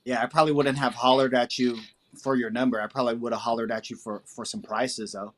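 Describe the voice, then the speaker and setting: A man's voice: mid-range voice, little pitch movement, fast talker. A man co-hosting a casual podcast, joking around in slangy banter. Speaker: podcast co-host. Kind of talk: casual chat.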